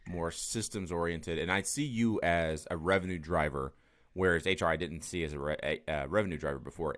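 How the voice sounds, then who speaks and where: A lower-pitched man hosting a casual podcast chat. His voice swings widely in pitch as he rambles, laughs and swears offhandedly. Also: fairly bright tone. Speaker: podcast host. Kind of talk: casual conversational interview.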